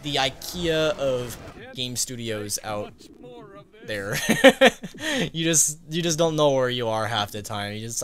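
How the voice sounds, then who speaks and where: A man's voice: medium pitch, pushed and bright. Rambling man telling a casual story. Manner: rambling, filler-heavy, frequent laughs. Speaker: gaming YouTuber. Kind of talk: casual story-time vlog.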